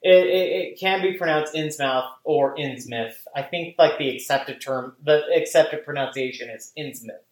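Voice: medium pitch, normal speed, few pauses, reverberant, rough recording. A podcast host talking casually and animatedly, full of fillers and frequent swearing. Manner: rambling, animated, profane, many fillers. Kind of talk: casual chat.

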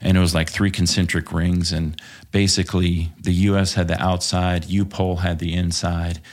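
In a relaxed interview, a Texan man who used to be a police officer shares war stories as a podcast guest, swearing and rambling with many fillers. He talks at an ordinary pace in a deep voice that barely shifts in pitch.

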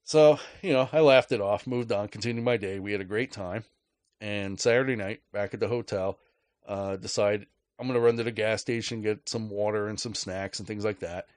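A man's voice: fairly low pitch, normal speed, no room sound. A man hosting a podcast, telling a story in a casual rant with a profane, sarcastic, joking manner. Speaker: podcast host.

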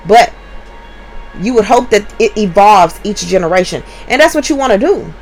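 A woman's voice: medium pitch, animated, normal speed, darkish tone, slight background noise. A young woman and mother telling a story to her viewers in a casual, profane and emphatic way.

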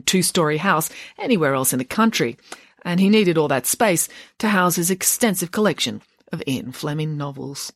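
Woman, audiobook narrator, expressive, lower pitch, dry studio sound. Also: dry recording. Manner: lively, expressive storytelling. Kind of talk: audiobook reading of a children's novel.

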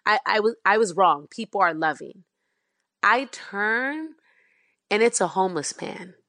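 A woman in an interview, telling a personal story in an earnest, fast-flowing way with many fillers. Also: mid-range voice, animated, sharp tone, no echo, studio quality. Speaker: guest.

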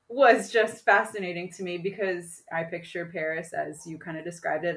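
A woman hosting an interview, enthusiastic and quick to laugh, asking questions. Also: mid-range voice. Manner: enthusiastic, laughs easily, short reactions. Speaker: podcast host. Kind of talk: conversational interview.

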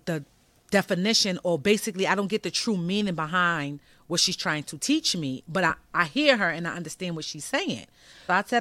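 A woman's voice: low voice, a bit bright, dry recording. A woman from Brooklyn, New York, hosting a podcast, telling a personal story in a candid, emphatic, conversational way. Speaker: podcast host.

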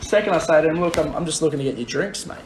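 A young man co-hosting a podcast, telling a pub story in blunt, profane, deadpan chat. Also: fairly high pitch, racing, noisy background. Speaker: podcast co-host. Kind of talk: casual storytelling.

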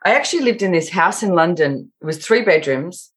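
Sex: woman. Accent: Australian. Pitch: low. Role: podcast guest calling in. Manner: lively storyteller. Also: fairly quick. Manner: lively storyteller, quotes herself often. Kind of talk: casual interview chat. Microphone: remote call-in.

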